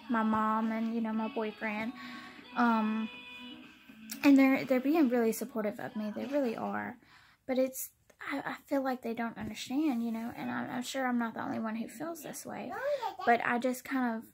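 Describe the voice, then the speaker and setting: A young woman, talking in a halting, tearful personal vlog, close to tears and often repeating herself. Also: fairly high pitch, fairly even intonation, gravelly, low-quality recording. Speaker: vlogger.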